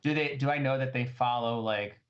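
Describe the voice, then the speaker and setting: A man's voice: mid-range voice, a little fast, highs cut off. A man playing a tabletop game, talking hesitantly with many restarts. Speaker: player. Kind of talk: casual tabletop game play.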